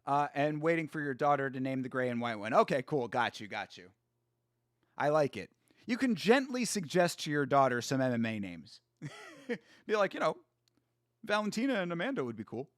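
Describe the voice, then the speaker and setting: A high-voiced man hosts a casual live watch-along, swearing freely and trash-talking the fighters. He reads viewer chat aloud, answers it, and laughs often. The sound is close and dry, with no room echo. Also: moderate pace. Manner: excitable, profane, trash-talking. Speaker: host.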